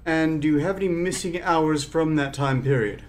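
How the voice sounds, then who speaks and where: A speaker asking formal, deadpan questions with hesitant fillers. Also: mid-range voice, moderate pace. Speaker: co-host interviewing the storyteller.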